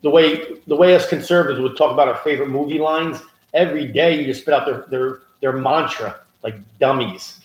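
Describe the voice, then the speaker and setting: A man's voice: mid-range voice, a little fast. A man co-hosting a podcast in casual political chat, telling stories and building into emphatic rants. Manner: animated storyteller, rising emphatic rants. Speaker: podcast co-host. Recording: roomy echo.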